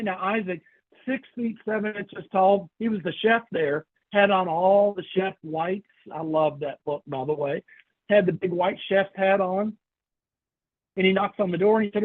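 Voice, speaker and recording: A man's voice: high-pitched, moderate pace, no echo, phone-quality sound. A man telling a story to an audience, acting out the voices of the people in it. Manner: animated storyteller, acts out quoted voices. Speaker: keynote speaker. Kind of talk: storytelling keynote talk.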